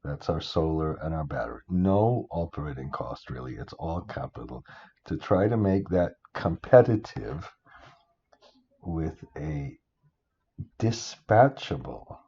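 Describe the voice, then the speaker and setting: A man's voice: rumbling low, lively intonation, a little slow, creaky, dark tone, slightly rough, lo-fi sound. An older man giving a rambling spreadsheet tutorial, often breaking off with exasperated asides. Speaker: instructor.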